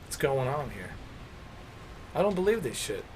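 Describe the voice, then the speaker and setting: A middle-aged man chats casually while streaming games, his medium-pitched voice sing-song and moderately paced against background noise. He's laid-back and rambling, with plenty of "dude" and "man."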